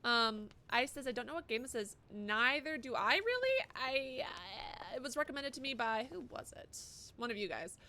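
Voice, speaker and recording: A woman's voice: fairly high pitch, sing-song, moderate pace, bright, forceful tone. A young woman streaming a game live, chatting casually and cursing as she reads viewer messages aloud. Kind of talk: live gameplay commentary.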